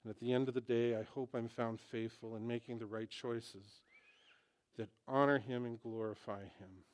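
A male pastor preaching a sermon in church, telling stories with lively mock complaints and then speaking quietly and earnestly. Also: medium pitch, moderate pace. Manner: animated storytelling, swinging from loud mock complaint to quiet earnest prayer.

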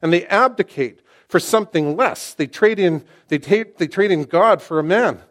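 Preaching in a conversational, excitable way, this middle-aged man speaks at a moderate pace in a high register. He frequently breaks off and begins sentences again.

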